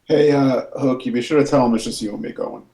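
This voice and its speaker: A man at a tabletop game talks fast and brusque, tough-sounding and impatient. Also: mid-range voice, vocal fry, mellow. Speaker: player. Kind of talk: tabletop role-play chat.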